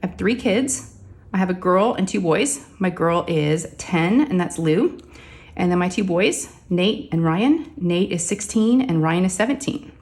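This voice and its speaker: A woman's voice: lowish voice, animated, measured pace, a little mellow. A woman, chatting casually and ramblingly to her viewers from her home craft room. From Texas. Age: 40s. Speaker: crafting vlogger.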